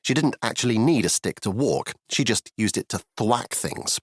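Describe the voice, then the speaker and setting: A man's voice: on the low side, expressive, normal speed, breathy edge, dry recording, studio quality. Playful man narrating a children's storybook. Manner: playful, conspiratorial asides to the listener. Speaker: audiobook narrator.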